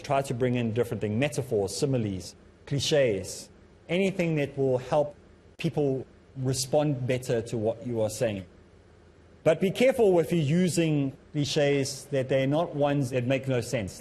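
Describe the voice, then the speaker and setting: A man with a South African accent giving a steady lecture on public speaking, calling himself a bit monotonous. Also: mid-range voice, slight background noise. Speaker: Islamic teacher.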